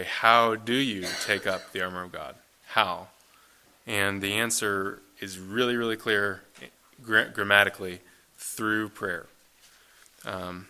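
A young man giving a sermon as a pastor, in a relaxed conversational way with many fillers. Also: fairly low pitch. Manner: casual conversational preaching with fillers.

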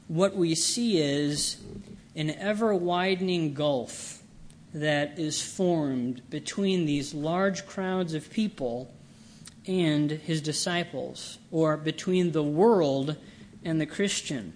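A man preaching a sermon in a slow, deliberate way, leaning on his words for emphasis. His voice sits fairly high for a man. A faint hum of room ambience runs underneath.

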